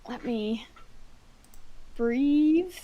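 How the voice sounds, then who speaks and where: A woman's voice: a little high, animated, drawn-out words, lo-fi sound. A woman chatting and reading a story aloud with a self-conscious, giggly manner. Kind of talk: casual chat and dramatic reading. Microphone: headphones.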